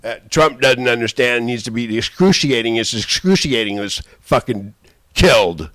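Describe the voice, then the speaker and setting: A man rants at someone off camera, cursing through a long rambling outburst. He swings between loud shouting and low muttering. His voice sits in an ordinary middle pitch, and the sound is dry and close, with no room echo. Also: moderate pace. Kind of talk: angry personal rant. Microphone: handheld camera.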